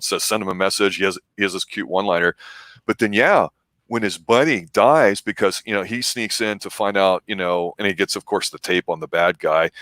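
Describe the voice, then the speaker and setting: A man's voice: low-pitched, fairly bright tone, no echo. A man co-hosting a movie review show, telling long, jokey stories in casual chat.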